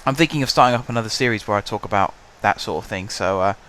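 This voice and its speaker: A young man with a hoarse voice, chatting casually and calling the action play by play as he commentates his own football management game at home. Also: on the low side, fast talker, fairly bright tone, slight background noise. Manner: chatty, wry, calls the match play by play. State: hoarse from shouting. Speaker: gaming channel host.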